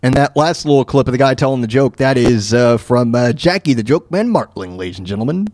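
A man's voice: medium pitch, lively intonation, brisk, a little mellow, no echo, studio quality. A man hosting a comedy podcast, rambling casually through his notes with many fillers. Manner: rambling, lots of fillers and restarts. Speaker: podcast host.

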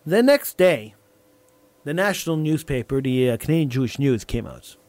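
A man's voice: mid-range voice, sing-song, moderate pace, a little mellow, no room sound. A man hosting a radio talk show, telling a story in an impassioned monologue and repeating lines for emphasis into a studio microphone.

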